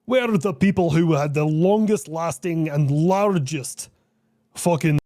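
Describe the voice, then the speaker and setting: A brash, swaggering Scotsman who loves a scrap and swears freely, talking out of one side of his mouth, as a streamer puts him on. The thick put-on Scottish accent sits in a mid-pitched voice, recorded close and dry with no room sound. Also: slow pace, dark tone, no echo, natural voice. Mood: swaggering boast. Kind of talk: mock impression during reaction stream.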